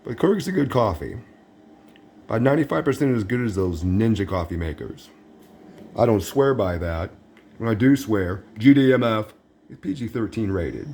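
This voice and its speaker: A man's voice: lowish voice, expressive, normal speed, darkish tone, slight background noise. A man vlogging a casual tour of his new place, talking in a dry, sarcastic way. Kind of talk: casual home tour narration.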